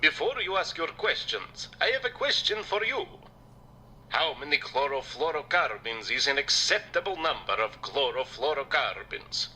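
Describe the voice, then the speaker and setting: A man's voice: a little high, big pitch swings, normal speed, bright, forceful tone, a little hiss or hum, exaggerated voice, low-quality recording. A man voicing a preachy, smug male vampire in a video game who lectures in a theatrical way. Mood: lecturing.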